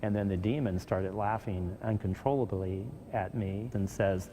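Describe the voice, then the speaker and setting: A man, a Catholic exorcist priest, calmly telling his experiences in an interview and acting out the voices he heard. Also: lowish voice, moderate pace, few pauses, slight background noise. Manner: calm storytelling, acts out voices.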